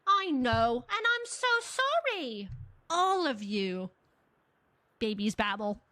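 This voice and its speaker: A woman voicing a remorseful female ship-computer nanny who speaks softly and apologetically. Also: on the high side, big pitch swings, slow, no echo, full character voice. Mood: apologetic.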